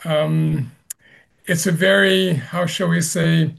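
A man with a gravelly, somewhat high voice answers interview questions as a Zen master. He speaks haltingly, with pauses, fillers and frequent throat clearing. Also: fairly even intonation, a bit bright.

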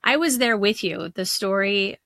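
A woman's voice: mid-range voice, normal speed, bright, forceful tone, no room sound, clean studio sound. A woman hosting an interview, enthusiastic and gushing with praise. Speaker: podcast host. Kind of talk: casual interview.

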